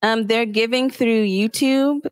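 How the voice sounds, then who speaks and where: A woman's voice: on the high side, slow, clean tone, dry recording, studio quality. Polite woman reading questions. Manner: polite, reads questions aloud. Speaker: co-host reading viewer questions. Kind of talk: live stream Q&A.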